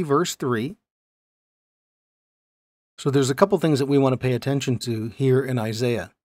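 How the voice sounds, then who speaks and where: A man's voice: medium pitch, dry recording, studio quality. A man teaching a Bible lesson, explaining verses step by step and reading scripture aloud with emphasis. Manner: explanatory, stresses key words, reads verses aloud.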